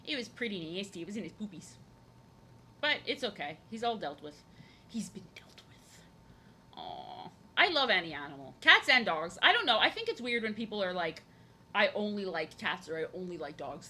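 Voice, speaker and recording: Drawing live on stream, a young woman speaks in a pushed, bright voice over slight background noise. Her chat is rambling and casual, and she addresses her cat in a high, sing-song tone.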